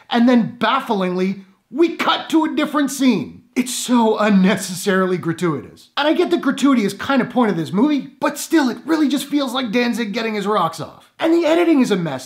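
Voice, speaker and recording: A film reviewer giving a spoken movie review with a sarcastic, wry delivery. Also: mid-range voice.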